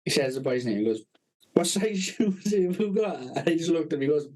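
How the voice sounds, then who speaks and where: A man's voice: on the high side, big pitch swings, fairly quick, warm tone. Male podcast co-host, sweary anecdotes, laughs a lot. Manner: sweary storytelling, laughs often. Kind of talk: casual chat.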